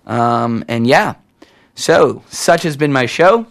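A young man hosting a college radio show, chatting casually between tracks. He rambles, pokes fun at himself and fills his pauses with lots of ums. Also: medium pitch, lively intonation, creaky. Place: radio studio.

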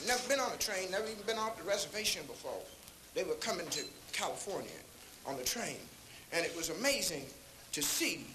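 A man telling comic stories on stage, drawing out lines and pausing before punchlines. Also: a little high. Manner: slow, drawn-out delivery with pauses before punchlines. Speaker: stand-up comedian. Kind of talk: stand-up storytelling. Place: live club stage before an audience. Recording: echoey live room with audience noise.

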